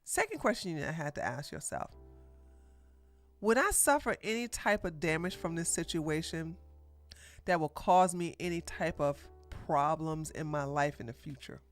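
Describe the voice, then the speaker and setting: A woman's voice: low-pitched, expressive, normal speed, faint music behind. A woman hosting a livestream podcast, giving blunt opinions in casual commentary, laughing often and reading out viewer donations. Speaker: podcast host.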